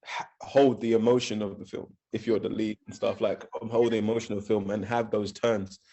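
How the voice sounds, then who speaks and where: Easygoing London man, lowish voice. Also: level tone, a little fast, creaky, dark tone. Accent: London English. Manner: easygoing, rambling, with fillers and restarts. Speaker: actor, interview guest. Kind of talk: casual interview talk.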